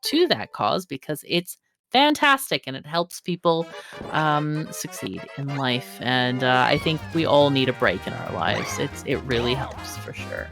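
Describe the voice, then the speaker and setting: A woman's voice: extremely low pitch, very animated, measured pace, gravelly, over music. A woman co-commentating a charity speedrun stream in a playful, giggly way. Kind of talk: casual game commentary.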